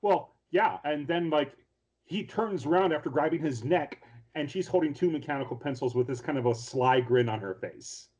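A man's voice: fairly high pitch, normal speed, darkish tone, breathy edge. A man co-hosting a casual podcast, rambling as he retells anime and manga scenes, full of fillers and acted-out lines. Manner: rambling storyteller, acts out character lines with many fillers. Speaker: podcast co-host.

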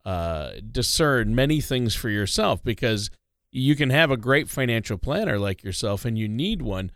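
A man co-hosting a talk show, speaking in a measured way with frequent "uh" fillers. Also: mid-range voice, animated, fairly bright tone, no room sound, clean studio sound. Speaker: show co-host. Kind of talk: casual radio chat.

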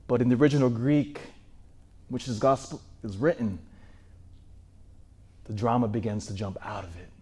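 A man preaching a sermon in an animated way, asking his listeners rhetorical questions. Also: fairly high pitch.

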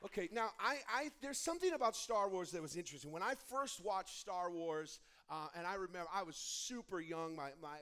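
A young man preaching a sermon, telling a story with lively energy and frequent restarts. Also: high-pitched, brisk, hardly any pauses. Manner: animated storytelling, many restarts. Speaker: pastor.

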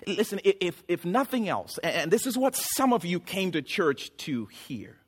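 A man preaching a sermon as pastor, animated and joking, with sudden loud outbursts. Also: high voice, moderate pace, slightly rough.

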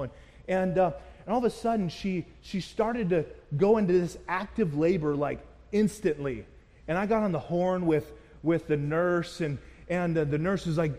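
A man preaching a sermon as pastor, telling a personal story in an animated way and acting out the voices of the people in it. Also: high voice, moderate pace, long reverb tail. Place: church.

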